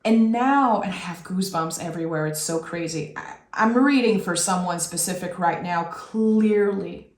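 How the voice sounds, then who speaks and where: A woman doing a tarot reading, speaking softly and with feeling. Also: fairly low pitch, reverberant. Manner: slow, soft-spoken and emotional. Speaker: tarot reader.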